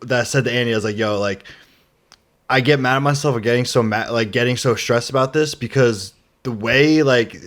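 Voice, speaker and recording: A man's voice: mid-range voice, brisk, a bit bright. A young man co-hosting a podcast, speaking earnestly and rambling with lots of fillers and swearing. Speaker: podcast co-host. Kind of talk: casual podcast chat.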